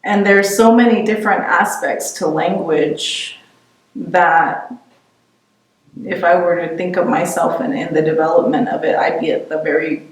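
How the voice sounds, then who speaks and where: Soft-spoken woman recorded from afar. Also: on the low side, steady tone. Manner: reflective, halting, with frequent restarts. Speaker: interviewee. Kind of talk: oral history interview. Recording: roomy, distant mic.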